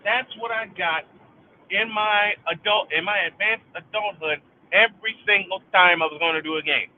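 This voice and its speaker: A man's voice: sits high, normal speed, slight background noise. A middle-aged man hosting a livestream, venting in an angry, profane monologue and repeating lines for emphasis. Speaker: livestream host. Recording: tinny phone-like sound.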